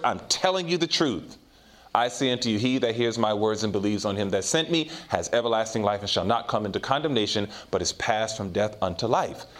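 Male preacher, sermon delivery, lively pitch, rises for emphasis and drops low for stories. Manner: preaches in rising and falling swells, drops low and quiet for personal stories.

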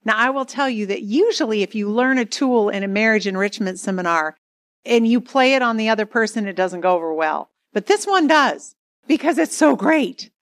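A middle-aged woman speaking at a marriage seminar, telling an animated, dramatic story to an audience. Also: on the high side, moderate pace, no echo, studio quality.

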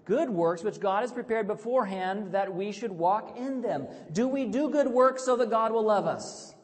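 A fairly high-voiced man preaching to a gathering at tables. He drops to a soft, intimate tone, then rises to loud, emphatic calls, and puts questions to the room. A long reverb trails his words through the hall. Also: animated, normal speed. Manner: swings from quiet and intimate to loud and emphatic, asks the audience questions. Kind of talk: evangelistic sermon.

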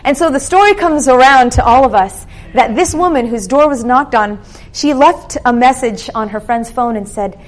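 A woman telling lively faith stories to a group, acting out the people she quotes. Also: high-pitched, normal speed. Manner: animated storytelling with quoted voices. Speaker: speaker sharing ministry stories. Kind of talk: sermon-style storytelling.

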